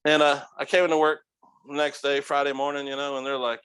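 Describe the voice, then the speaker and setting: Middle-aged man, podcast guest, loose animated storyteller, profane and laughing, a little higher-pitched than most. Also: fast talker, clear, resonant tone. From United States. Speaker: podcast guest, restaurant owner. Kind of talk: casual storytelling.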